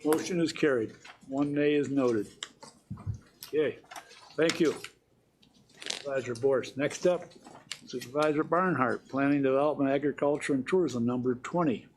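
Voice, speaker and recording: A man chairing a county board meeting, briskly calling motions and votes. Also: medium pitch, slight background noise. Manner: brisk procedural calls for votes.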